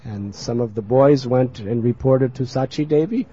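A man telling a sacred story in a sermon, in an animated, expressive narrating manner, on a muffled lo-fi recording. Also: medium pitch, moderate pace, slight background noise. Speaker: religious storyteller.

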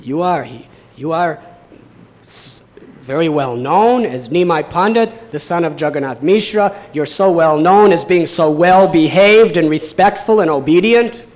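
A man's voice: on the high side, a little slow, darkish tone, close to an everyday voice. A man voicing an indignant, proper male devotee scholar who scolds in a raised voice while retelling a sacred story.

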